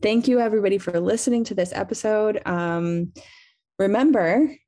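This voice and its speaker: A woman hosting a podcast, chatting gently and signing off to listeners. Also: mid-range voice, moderate pace. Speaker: podcast host. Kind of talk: casual chat and sign-off.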